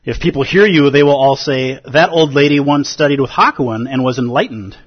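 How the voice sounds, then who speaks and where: Preachy old male priest, read by a husky man; scolding, lo-fi. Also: mid-range voice, brisk, lightly acted. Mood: admonishing. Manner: lightly raised, admonishing reading. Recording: dull lo-fi recording.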